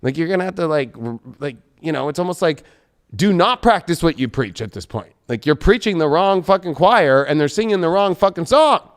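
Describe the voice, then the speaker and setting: A man with a fairly high voice gives a live tarot reading from a studio. He rambles bluntly and swears constantly as he shuffles and reads the cards. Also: lively intonation, brisk. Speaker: tarot reader.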